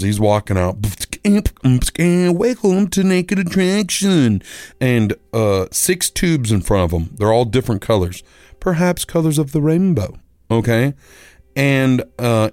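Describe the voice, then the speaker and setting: A middle-aged man, a radio host and musician, telling a rambling story in a casual, animated way and acting out the voices of other people. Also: on the low side, unhurried, no echo.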